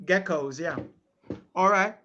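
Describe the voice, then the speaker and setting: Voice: mid-range voice, takes it slowly, muffled recording. An interviewer who sums up the guest's answers and asks short, plain questions. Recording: loud noisy line.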